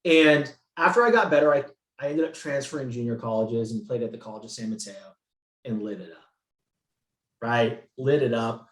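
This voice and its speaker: A man from the San Francisco Bay Area, a guest in an interview, telling his story in an animated, profane way and acting out what people said. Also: mid-range voice, normal speed. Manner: animated, profane, acts out quotes. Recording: roomy echo.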